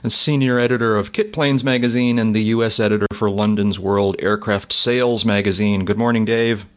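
A man's voice: lowish voice, fairly quick. A man from the Boston area hosting an aviation podcast, talking casually over a conference call with frequent fillers. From Boston area, USA. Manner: chatty, relaxed, frequent fillers. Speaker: podcast host. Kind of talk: casual chat. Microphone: remote call mic.

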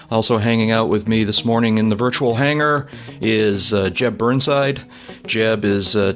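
A man from the Boston area hosting an aviation podcast, talking casually over a conference call with frequent fillers. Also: medium pitch. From Boston area, USA. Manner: chatty, relaxed, frequent fillers. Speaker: podcast host. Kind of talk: casual chat. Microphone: remote call mic.

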